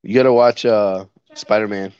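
A man's voice: lowish voice, steady tone, moderate pace, a little mellow, clean tone, dry recording. Laid-back teasing man, dull lo-fi mic. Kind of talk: casual chat. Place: home.

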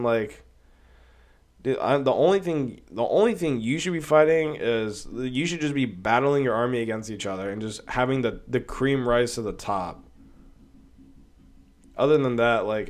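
Profane ranting male podcaster. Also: medium pitch. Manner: profane, heated, rambling. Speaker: podcast host. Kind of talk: casual solo podcast rant.

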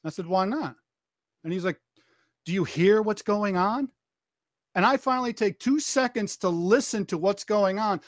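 Man, high-pitched, dry close sound, American, podcast storytelling, acts out quoted dialogue. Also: normal speed, long pauses, dry recording. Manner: vivid retelling, acting out quoted dialogue; frequent restarts and repeated phrases.

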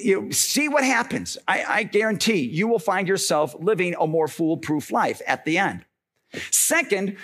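A male pastor giving an energetic, conversational sermon, often checking in with the congregation. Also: high-pitched.

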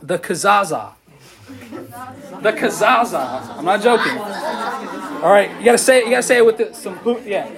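With a crowd audible behind him, a man speaks quickly in a high voice with vocal fry. He's preaching a casual, animated sermon to a youth group, chatting with them and asking them questions along the way.

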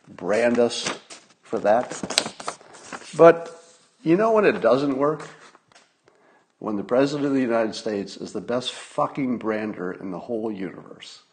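A man's voice: medium pitch, animated, unhurried, pauses often. A man hosting a solo podcast, talking casually in a wry manner, with asides and restarts. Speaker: podcast host.

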